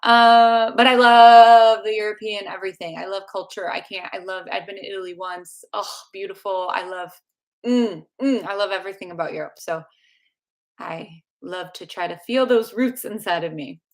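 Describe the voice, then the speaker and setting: A woman's voice: lowish voice, moderate pace. A woman chats through a live question-and-answer stream about teeth. Her delivery is bubbly and loose, full of little asides. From United States. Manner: chatty and bubbly, with frequent laughs and fillers. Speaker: dental YouTuber answering viewer questions. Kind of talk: live Q&A chat.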